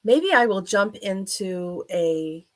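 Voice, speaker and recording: A woman's voice: mid-range voice, animated, takes it slowly. A woman in her fifties, an author and speaker giving a motivational talk online, telling her story earnestly with many fillers.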